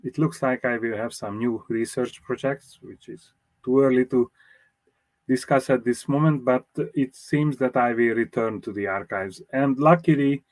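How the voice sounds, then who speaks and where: Measured man explaining in a dry recording. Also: medium pitch, no echo. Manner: measured, explanatory, with fillers and restarts. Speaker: motoring historian and magazine publisher. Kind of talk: interview answers.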